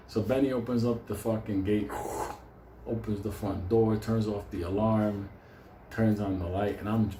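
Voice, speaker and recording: A man's voice: on the low side, unhurried, mellow, a little hiss or hum. A man telling a rambling, profane comic story, laughing through it. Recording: roomy echo, faint ambience.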